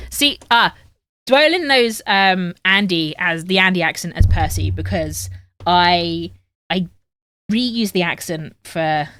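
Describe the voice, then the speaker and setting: This streamer, a young woman from northern England, keeps up chatty banter with viewers while sewing, reading the chat aloud. Her lowish voice has a fairly bright tone, and there's no room sound.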